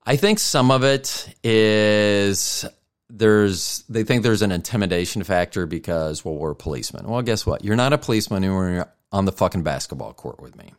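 A man's voice: lowish voice, animated, moderate pace, smooth. A middle-aged man hosting a podcast, telling a rambling, profane story in a heated, casual way. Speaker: podcast host.

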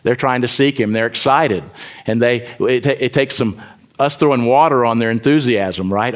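A man preaching a sermon as pastor, building to sudden loud emphatic bursts and dropping back to a conversational tone. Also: mid-range voice, normal speed. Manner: mimics voices in quoted asides.

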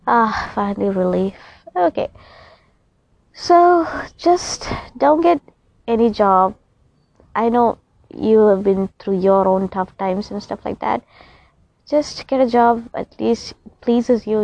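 A woman's voice: medium pitch, vocal fry, darkish tone, no echo. A young woman vlogging in a rambling, chatty, emotional way. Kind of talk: casual chat to camera. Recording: slightly dull recording.

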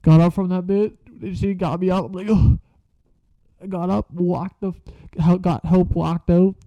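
A man's voice: high voice, level tone, normal speed, no room sound. A young man casually telling a story from school, slangy and profane, laughing as he goes. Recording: dull lo-fi sound.

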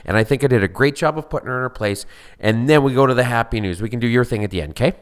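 A man's voice: medium pitch, rapid-fire. A man with a mid-range voice co-hosting a casual podcast. He bickers with his co-host in a wry, sarcastic tone and drops curse words offhandedly. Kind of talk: casual chat.

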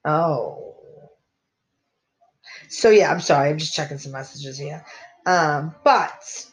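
A woman's voice: sits low, takes it slowly, low-quality recording. Fiery, profane woman ranting. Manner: fiery, profane, rambling with many restarts. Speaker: podcast host. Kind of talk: casual profane rant to listeners.

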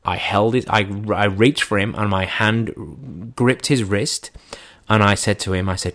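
A man with a fairly low voice tells a story about himself in an animated way. He voices his own lines and his friends' lines as quoted speech, so the telling stays lively. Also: measured pace, creaky. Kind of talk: first-person anecdote.

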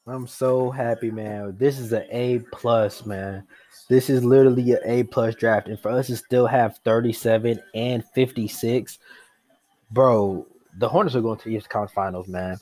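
A young man reacting live as a sports fan, excitable and repeating himself in his joy. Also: medium pitch, moderate pace, no echo. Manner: excitable, repetitive, breathless with joy.

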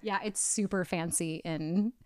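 A young woman from Ohio, a therapist co-hosting a podcast, chatting in an animated, self-mocking way and laughing a lot. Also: fairly low pitch, a little slow. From small town near Cincinnati, Ohio. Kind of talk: casual chat.

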